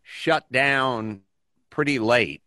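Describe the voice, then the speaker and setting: Bright-voiced man riffing sarcastically. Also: mid-range voice, extremely slow, clean tone, dry recording, studio quality. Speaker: host. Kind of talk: comedic podcast banter.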